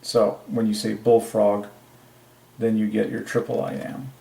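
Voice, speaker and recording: Gravelly man muttering over his research. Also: fairly low pitch, level tone, unhurried, warm tone. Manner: muttering to himself while working. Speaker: channel host. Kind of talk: solo religious word-number study. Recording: echoey room.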